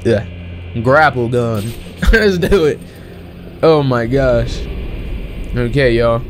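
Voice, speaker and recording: A man hosting a let's play, excitable and slangy, exclaiming at the game as he plays. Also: medium pitch, takes it slowly, slight background noise. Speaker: gaming channel host. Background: game music and sound effects.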